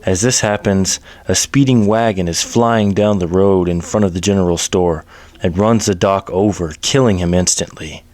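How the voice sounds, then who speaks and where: A man reading a western story aloud in a steady, plain narration. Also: low-pitched, normal speed.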